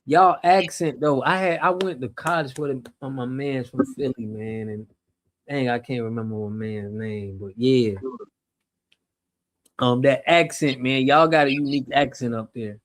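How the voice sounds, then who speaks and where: A man hosting a casual livestream chat on a video call, relaxed and full of slang. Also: medium pitch, moderate pace. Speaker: host.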